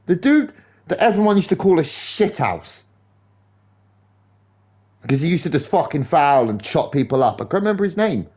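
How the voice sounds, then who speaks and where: Sweary lad rambling about football. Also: male voice, fairly high pitch, big pitch swings, normal speed, pauses often, darkish tone. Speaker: streamer. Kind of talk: casual chat while gaming live.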